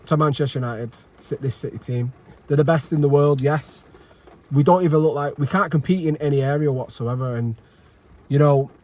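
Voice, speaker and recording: A man's voice: fairly high pitch, a little mellow. A man giving an angry post-match reaction, frustrated and sweary, repeating himself and sighing. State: agitated. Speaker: football fan channel host.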